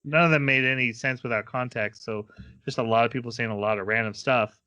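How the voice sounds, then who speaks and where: A man of middle pitch chats casually as a podcast co-host. He rambles through a recap, stacking fillers and restarts. His voice sits in an ordinary register. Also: steady tone, fairly quick, pushed and bright, dull audio. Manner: rambling plot retelling with fillers and laughs. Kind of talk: casual anime recap chat.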